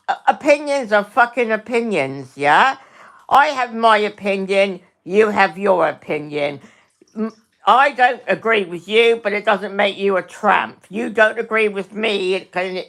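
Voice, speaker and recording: Slow-talking, heated, sweary woman ranting. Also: medium pitch, a bit bright. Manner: heated, sweary, repeats herself, addresses chat by name. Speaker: livestream host. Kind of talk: angry livestream rant.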